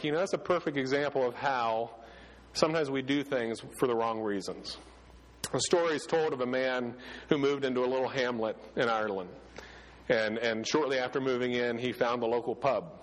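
A pastor giving a casual, conversational sermon full of restarts and fillers. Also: male voice, mid-range voice, long reverb tail, low-quality recording.

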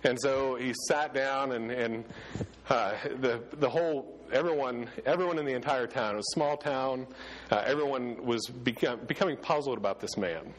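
A pastor giving a casual, conversational sermon full of restarts and fillers. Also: male voice, mid-range voice, moderate pace, big-room sound, slight background noise, poor audio.

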